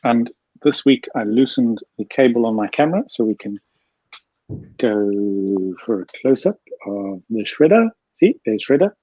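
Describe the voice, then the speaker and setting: A man's voice: mid-range voice, lively intonation, unhurried, no echo. A British man co-hosting a casual chat show, cracking dry, teasing jokes. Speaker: co-host. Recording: dry, dull lo-fi mic.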